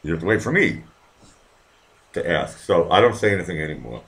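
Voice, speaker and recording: Low-voiced, animated male stream host. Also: brisk. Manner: rambling, profane, easily distracted; puts on silly voices for quoted comments. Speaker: live-stream show host. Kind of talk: casual live-stream chat, reading viewer comments.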